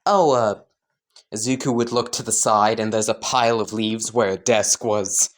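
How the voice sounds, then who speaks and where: A woman's voice: very deep voice, steady tone, normal speed. A woman casually narrating a fan story, rambling, laughing and swearing freely.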